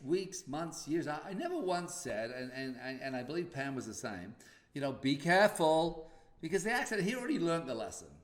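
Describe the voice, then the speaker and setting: A man's voice: mid-range voice, reverberant. A man hosting a podcast, telling a personal story in a casual way and acting out the dialogue. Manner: animated, acts out dialogue. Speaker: podcast host.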